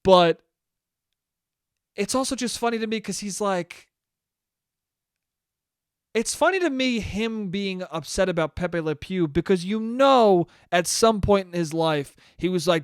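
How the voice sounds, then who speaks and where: A man's voice: high voice, unhurried, pauses often, smooth, dry recording, studio quality. A young man hosting a casual solo podcast, rambling sarcastically and swearing often. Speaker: podcast host.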